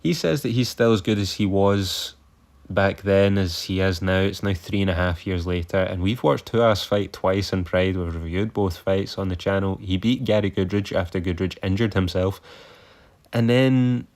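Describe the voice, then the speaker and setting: A man's voice: deep voice, moderate pace, darkish tone. A man reviewing old fight events in a casual, sarcastic and exasperated way, swearing freely.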